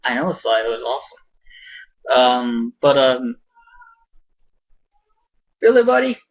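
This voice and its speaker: Man, casual TV recap vlog, excitable, swears a lot, slow rambling talk, muffled lo-fi sound. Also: medium pitch. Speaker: show reviewer. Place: home with a pet cat.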